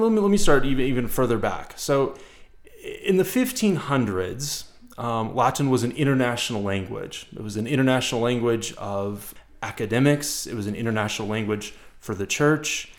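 A man who is a Latin professor, answering interview questions in a casual, halting way, often repeating words and restarting. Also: mid-range voice, animated.

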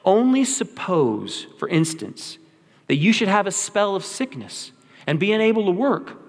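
A male preacher voicing a gloomy Christian who presses worried what-ifs, raised in pitch, in an echoey church hall. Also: very animated, unhurried. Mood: fretful. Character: gloomy, fretful Christian adult.

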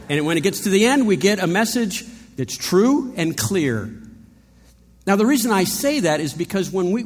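A man preaching a sermon in a conversational way, asking rhetorical questions and adding playful asides. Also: high voice. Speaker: pastor. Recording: long reverb of a large hall.

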